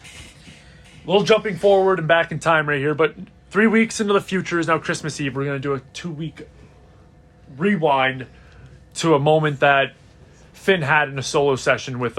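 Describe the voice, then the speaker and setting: A man's voice: a little high, normal speed, pauses often, a bit bright. A man narrating as game master of a tabletop role-playing game, casual, with many fillers.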